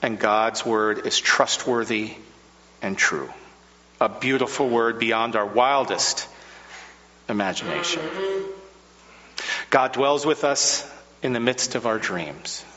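Male preacher giving a sermon, measured delivery with dramatic pauses, long reverb. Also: medium pitch, pushed and bright, dull audio.

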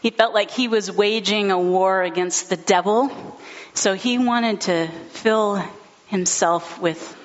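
Slow, earnest woman preaching a sermon. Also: medium pitch, highs cut off. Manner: earnest, heartfelt storytelling. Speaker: pastor. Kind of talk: sermon storytelling.

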